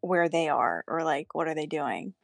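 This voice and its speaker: A woman's voice: deep voice, moderate pace, vocal fry, dry recording, studio quality, soft background music. A young woman in casual chat with friends, telling stories and acting out the quoted lines. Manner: animated storytelling, acts out quoted lines.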